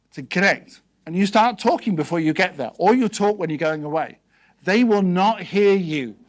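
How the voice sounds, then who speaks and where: A man giving a seminar talk to a live audience, asking them quick questions and checking in with "okay" and "yes?" as he goes. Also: high voice. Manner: conversational, peppered with "okay" and "yes?". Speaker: seminar speaker.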